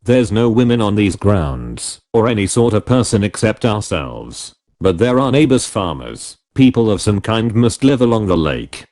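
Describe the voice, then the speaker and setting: A man voicing a solemn, deferential male manservant with a slight Irish accent and smooth, formal speech. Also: lowish voice, sing-song, a little mellow. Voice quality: smooth, liquid tones. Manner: formal, measured, says sir often.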